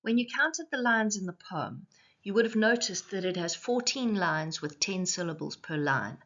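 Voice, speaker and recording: A woman teaching a poetry lesson, explaining clearly and slowing down to stress syllables. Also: medium pitch, lively intonation, a bit bright, muffled recording.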